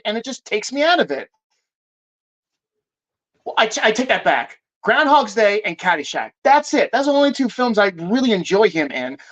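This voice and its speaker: On a live stream, a man with a high, somewhat bright voice rants casually about movies, and the recording sounds muffled. He's profane and rambling, frequently breaking off to correct himself.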